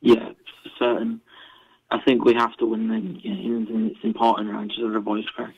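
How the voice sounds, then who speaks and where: A man calling in to a football phone-in, hesitant and measured with many fillers, heard over a phone line. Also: fairly low pitch, little pitch movement, a little mellow, slightly rough. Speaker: caller, football fan. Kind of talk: phone-in call.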